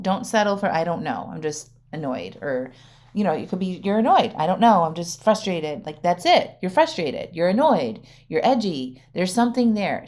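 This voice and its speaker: A chatty woman coach hosting her own podcast, with a slightly low voice. She talks straight to her listeners in a relaxed, conversational way, tagging many sentences with "right?" or "okay?" and laughing easily. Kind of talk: casual solo podcast talk.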